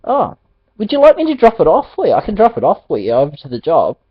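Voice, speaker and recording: A man's voice: high voice, wildly swooping pitch, fast talker, slightly rough, no echo, highs cut off, voice pushed up, heavily acted. A man doing a chatty helpful dad. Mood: eager offering. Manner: eager, chatty offering. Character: friendly helpful middle-aged dad.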